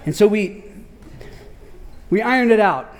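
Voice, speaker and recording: A man preaching a casual sermon, telling a story in an animated, slangy way with lots of filler words. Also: high voice, measured pace, noisy background. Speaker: pastor.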